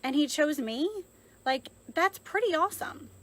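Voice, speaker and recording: A woman's voice: high voice, lively intonation, unhurried, a bit bright, rough recording. A woman in her thirties speaking earnestly and reflectively into her phone, a mother sharing her story in a heartfelt vlog with lots of fillers. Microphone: phone held in hand.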